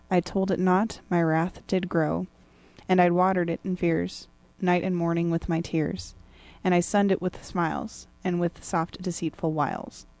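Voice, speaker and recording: A woman co-host reading a classic poem aloud in a steady, deliberate way. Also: on the low side, no echo.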